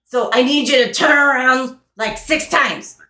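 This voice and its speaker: A woman voicing a flamboyant male carnival barker who talks in loud, teasing showman patter, recorded in an echoey room. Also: sits high, unhurried, faint music behind, voice pushed up.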